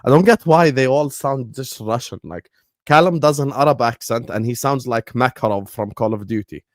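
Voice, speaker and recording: A man's voice: mid-range voice, moderate pace, no echo, clean studio sound. Playful hyping man hosting a stream. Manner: playful, hyping, teasing banter. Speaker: host. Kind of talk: casual chat on a stream.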